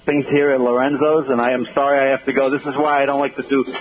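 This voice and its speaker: Hurried man on a dull phone line. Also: medium pitch, level tone. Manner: hurried, apologetic, distracted. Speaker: phone-in guest, event organizer. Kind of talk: casual radio phone interview.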